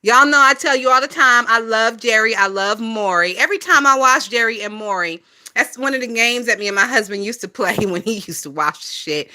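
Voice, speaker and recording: Bright, gossipy Southern woman in her twenties. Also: on the high side, expressive, brisk. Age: 20s. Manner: profane, gossipy, laughs often. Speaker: livestream gossip host. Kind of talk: casual livestream chat. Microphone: phone.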